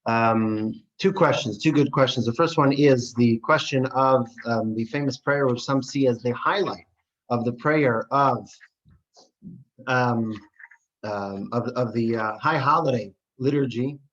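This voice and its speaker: A man's voice: medium pitch, unhurried. A man teaching a class on Jewish texts, reading passages aloud and explaining them earnestly. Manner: earnest, animated, reads and paraphrases text aloud. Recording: dull lo-fi recording.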